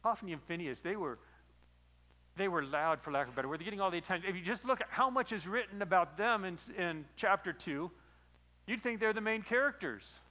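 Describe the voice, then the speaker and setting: Bright-voiced man preaching a sermon. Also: high-pitched, brisk, poor audio. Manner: storytelling, animated retelling. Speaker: pastor.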